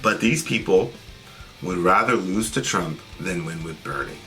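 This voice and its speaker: A man's voice: sits low, expressive, unhurried, music in the background. A man co-hosting a political talk show, venting in indignant, sarcastic bursts. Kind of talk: heated political commentary.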